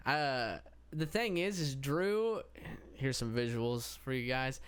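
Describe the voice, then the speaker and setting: A man's voice: mid-range voice, animated, slow pace, clean tone. A young man hosting a podcast, chatting casually in a rambling way with frequent restarts and swearing. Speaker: podcast host. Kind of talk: casual chat.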